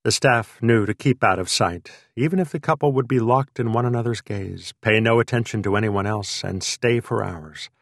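Man, audiobook narration, unhurried lyrical phrasing, low voice, dry close sound. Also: creaky, no echo.

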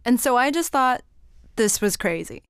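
A woman host narrating a radio documentary in a plain, measured way. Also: fairly high pitch, expressive, fairly bright tone, clean tone, no room sound, clean studio sound.

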